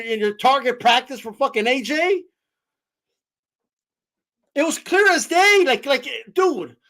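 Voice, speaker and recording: High-pitched man in a profane rant. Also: fairly bright tone. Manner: profane, heated, mocking. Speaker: boxing streamer. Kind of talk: live-stream rant.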